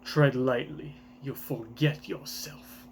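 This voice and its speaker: A man voicing a stern, imposing commander in a low, cold, measured delivery. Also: steady tone, slight background noise, close to an everyday voice. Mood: cold, menacing.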